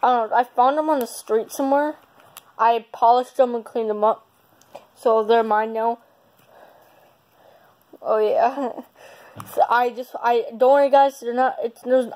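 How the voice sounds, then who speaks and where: A woman's voice: on the high side, warm tone, poor audio. A woman chatting casually on her vlog, rambling and repeating herself as she shows off her belongings. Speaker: vlogger.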